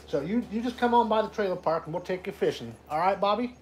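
A man's voice: sits high, quick pace, a little mellow, slight background noise, natural voice. A man putting on a rambling old trailer-park fisherman. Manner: drawling, calls everyone son, tells tall tales. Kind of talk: prank phone call.

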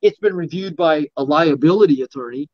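Speaking a little fast, a middle-aged martial arts instructor, here as a guest, jumps from tale to tale in an animated, rambling way, performing the lines of the characters he describes. His voice is pitched slightly high. The casual storytelling interview is captured in dull, lo-fi sound that is close, dry, and echo-free.

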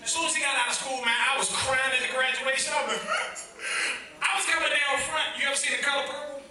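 A man's voice: very high voice, fast talker. A man in his forties from Washington, D.C., performing a stand-up comedy set at a gala and acting out characters in exaggerated voices. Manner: animated, acts out characters in exaggerated voices, talks to the crowd. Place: large event hall with a live audience. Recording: echoey hall, distant mic, loud crowd laughter and noise. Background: audience laughter.

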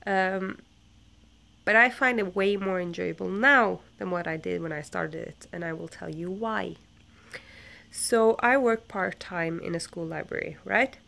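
A young woman vlogger with a stuffy, congested nose tells a casual story. Her low voice carries a gravelly fry, and she rambles along with plenty of fillers and restarts. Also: measured pace, a bit bright. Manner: chatty, rambling, with many fillers and self-corrections. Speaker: book vlogger.

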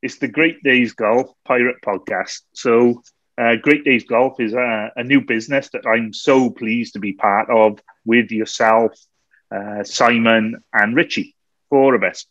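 A man co-hosting a podcast, telling a story in a lively way, often laughing and acting out what people said. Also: fairly low pitch, no room sound. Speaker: podcast co-host. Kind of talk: anecdotal storytelling. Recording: slightly dull, dry recording.

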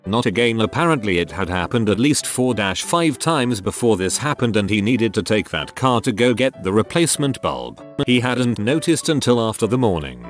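A man reading online stories aloud as scripted narration at a steady, even pace. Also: fairly low pitch, moderate pace, hardly any pauses. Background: faint background music.

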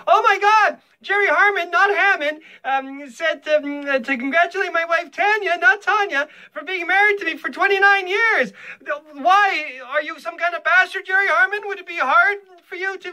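A man's voice: very high-pitched, pushed and bright. An older man recording a rambling comic video greeting, stammering and interrupting himself with absurd asides.

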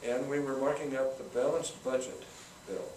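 A man's voice: mid-range voice, steady tone, moderate pace, a little mellow. An older man telling a long political anecdote to a student audience in a folksy, storytelling manner. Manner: folksy anecdotal, acts out quotes. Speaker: guest speaker, senator. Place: campus event room. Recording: roomy, from far off, noisy.

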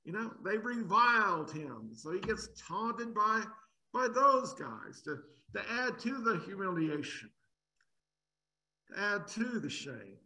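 A man's voice: high-pitched, sing-song, slow pace, sharp tone, rough recording. A man preaching an expository sermon, emphatic, asking rhetorical questions and often repeating words as he builds a point.

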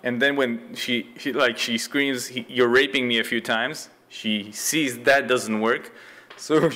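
A man's voice: mid-range voice, bright, forceful tone. A man doing sardonic commentary over a video clip, loose and chuckling.

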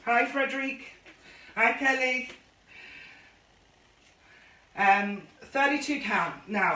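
A woman's voice: a little high, a bit bright, distant mic, slight background noise. A woman running a line dance class on a live stream, chatty and effusive as she greets viewers by name. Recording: roomy echo, voice off-mic.

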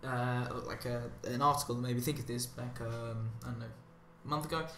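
Brisk, bright, and forceful, this mid-range male voice stays steady in tone as the commentary channel host delivers a sarcastic, tangent-filled ramble over gameplay. The echoey room adds faint ambience, and a little background noise is present.

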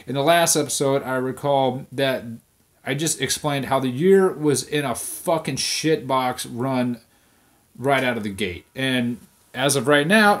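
A young man sits in front of his camera at home and vents. His voice sits a little high, and he swears in almost every sentence, airing his irritation in a loose, rambling monologue. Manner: swears constantly, irritated venting. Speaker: vlog host. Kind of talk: profane ranting monologue.

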